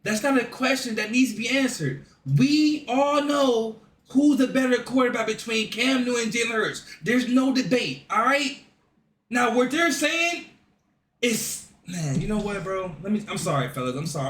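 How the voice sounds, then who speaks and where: Excitable high-voiced reaction host. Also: male voice, normal speed, recorded from a distance. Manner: incredulous, excitable, repeats himself. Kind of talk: casual reaction commentary. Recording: echoey room, voice off-mic.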